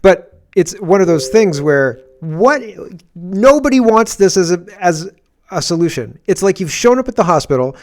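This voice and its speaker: A man hosting a political commentary show, talking casually with sarcasm and loud exasperated outbursts. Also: high voice, very animated, normal speed.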